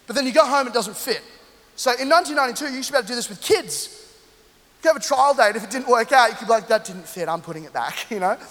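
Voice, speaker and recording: A man in his thirties from London, a pastor telling an animated, humorous story during a sermon and speaking straight to the congregation. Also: very high voice, quick pace. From London, England. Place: church hall. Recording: long hall reverb.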